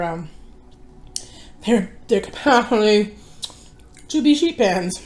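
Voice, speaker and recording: A woman's voice: medium pitch, slight background noise. A young woman in casual chat while eating, tired and rambling, often correcting herself. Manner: rambling, easily distracted, self-correcting. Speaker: mukbang vlogger. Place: home.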